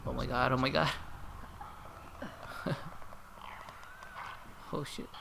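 A man giving excitable live gameplay commentary, reacting aloud and talking to his viewers as he plays. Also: mid-range voice, slow pace, vocal fry, noisy background.

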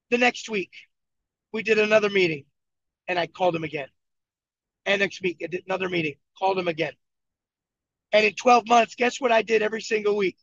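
A man from Buffalo, New York, with a high, gravelly voice coaches his team and drives his points home by repeating them. The sound is dry and dull, like lo-fi video call audio. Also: a bit bright, no echo. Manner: emphatic, repetitive storytelling. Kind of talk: motivational coaching talk. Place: moving vehicle.

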